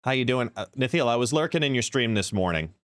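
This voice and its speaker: A man's voice: medium pitch, lively intonation, quick pace, a bit bright, dry recording. A man streaming a card game live, explaining plays and chatting as he greets viewers by name. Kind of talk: live gameplay commentary and chat. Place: home, seated.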